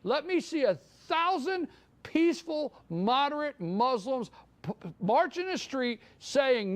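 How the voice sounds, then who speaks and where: A man's voice: very high-pitched, sing-song, measured pace. A man hosting a live morning show, giving an emphatic opinion monologue and repeating his points. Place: live broadcast from a downtown spot.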